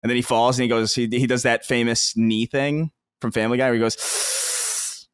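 With a flat delivery and a clean, mid-range tone, this podcast co-host speaks at a moderate pace. He chats casually, rambling, restarting often, and laughing a lot, in clean studio audio without room sound.

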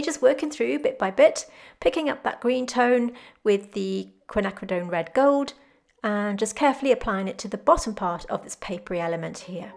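A woman calmly teaching a botanical watercolour tutorial step by step, speaking in a gentle, unhurried way. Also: medium pitch, creaky. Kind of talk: calm step-by-step painting tutorial. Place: home studio with glass roof.

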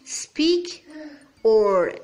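A woman with Arabic as her first language teaching beginner English, patient and slow, spelling out words and checking "okay?" often. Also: a little high, very animated, darkish tone.

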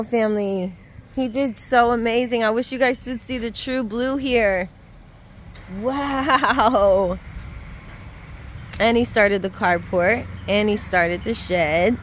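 A woman from Virginia, vlogging in a casual, excited way that turns emotional and close to tears. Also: a little high, a little slow, slight background noise. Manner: excited, gushing. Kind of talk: casual vlog chat.

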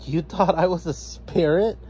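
A man's voice: fairly high pitch, unhurried, mellow, slight background noise, voice pushed up, natural voice. A man voicing a friendly female thylacine in a storybook reading. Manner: friendly, chuckling. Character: cheerful female thylacine creature.

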